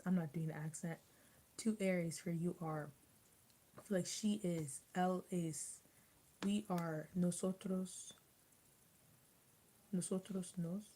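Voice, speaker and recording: A woman's voice: lowish voice, mellow, low-quality recording. A young woman vlogger chatting casually while eating, rambling with lots of restarts and fillers. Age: young adult. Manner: rambling, many restarts and likes. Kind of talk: casual mukbang chat.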